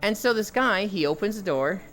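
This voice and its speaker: A streamer keeps a steady treadmill walk while spinning animated, loosely told stories for viewers. The pitch leaps around expressively as the stories build, and swearing slips in casually. A little music hums quietly in the background. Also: moderate pace. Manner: walking on a treadmill while talking. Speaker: live streamer.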